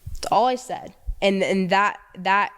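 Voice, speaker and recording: A young woman, a guest in an interview, telling a personal story in a hesitant, halting way. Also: medium pitch, fairly bright tone, clean tone. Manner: hesitant, halting, many fillers.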